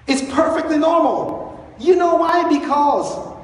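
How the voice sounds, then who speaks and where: A man preaching a sermon as pastor, telling the story in an animated, chatty way and chuckling often. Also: very high-pitched, slow. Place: church sanctuary. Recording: echoey hall, far from the mic.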